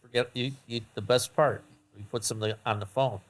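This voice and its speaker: A man in casual podcast chat who cuts in quickly to prompt and correct a story. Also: mid-range voice, steady tone. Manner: quick interjecting, prompting stories.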